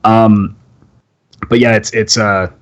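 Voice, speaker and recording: A Texan podcast host runs a casual live-stream chat, talking loosely and chattily with lots of laughter, fillers and restarts. His voice is lowish and fairly flat, his pace slow, and the high frequencies are cut off.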